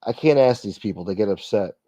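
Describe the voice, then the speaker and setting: A man's voice: fairly low pitch, lively intonation, brisk, warm tone, no echo. A man hosting a casual livestream, reading viewer comments aloud in a blunt, profane, wisecracking way. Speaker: livestream host. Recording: dull, lo-fi dry sound.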